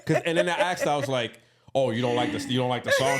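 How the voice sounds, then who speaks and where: A man co-hosting a casual podcast, laid-back and animated, laughing often as he tells stories. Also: medium pitch, fast, a loud crowd. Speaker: podcast co-host. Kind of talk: casual chat.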